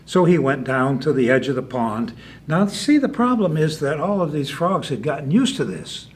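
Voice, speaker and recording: A man's voice: a little high, big pitch swings, normal speed. A man telling a folk tale in a folksy, conversational storytelling manner. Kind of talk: folk tale told to an audience.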